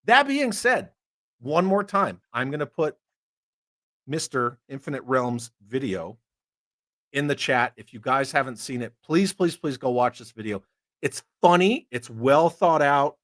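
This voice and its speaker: A man's voice: mid-range voice, expressive, unhurried, fairly bright tone, no room sound, clean studio sound. A man hosting a toy collecting live stream, chatting casually, joking and swearing while he reads comments. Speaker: army veteran.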